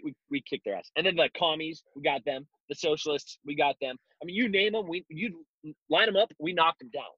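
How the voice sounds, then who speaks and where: A man's voice: on the high side, a bit bright, dry recording. A man talking bluntly in an interview, telling stories with mocking asides. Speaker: guest, self-defense instructor. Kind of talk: casual interview talk. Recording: dull lo-fi recording.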